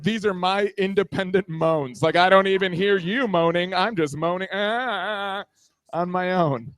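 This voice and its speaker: A man's voice: sits high, no room sound. Young man doing a self-deprecating stand-up set. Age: 20s.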